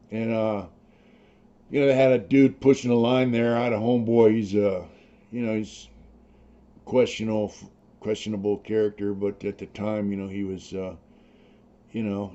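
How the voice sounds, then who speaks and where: Middle-aged ex-con storyteller, low mellow voice, rough street talk, slightly muffled recording. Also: male voice, flat delivery, moderate pace. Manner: blunt, streetwise, heavy swearing and slang. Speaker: former prisoner telling his story. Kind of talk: casual storytelling, profane. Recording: slightly dull lo-fi audio.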